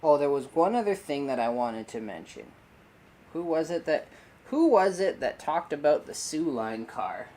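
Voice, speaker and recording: A man's voice: medium pitch, slight background noise. Rambling, joking man hosting a livestream. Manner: rambling, joking, talks to his dog and chat. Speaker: livestream host. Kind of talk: casual livestream chat.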